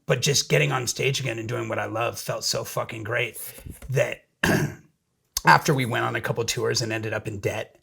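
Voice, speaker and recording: A middle-aged man, a musician guest, telling stories in a casual interview, profane and energetic with frequent restarts. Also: medium pitch, normal speed, vocal fry, husky.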